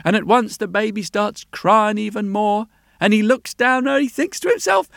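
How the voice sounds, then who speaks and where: A man telling a folk tale aloud in a lilting, unhurried way, with asides to the listener. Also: high-pitched, creaky, dry recording, studio quality. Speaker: storyteller. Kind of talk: oral storytelling. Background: soft guitar.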